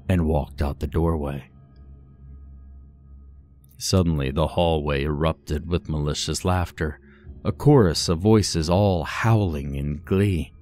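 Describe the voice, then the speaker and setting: A man reading a horror story as narrator, in a measured, dramatic storytelling manner. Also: rumbling low, a little mellow.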